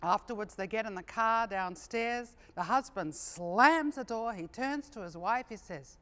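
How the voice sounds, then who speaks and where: Bright-voiced New woman comedian. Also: mid-range voice, measured pace, hardly any pauses. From New Zealand. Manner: lively storyteller, chatty asides. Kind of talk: stand-up joke telling. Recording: long hall reverb, live stage.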